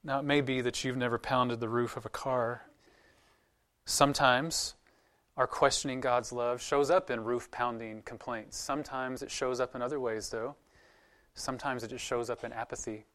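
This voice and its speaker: A man's voice: medium pitch, fairly even intonation, moderate pace, fairly bright tone. A male pastor giving a sermon in a conversational, earnest way, often putting questions to the congregation.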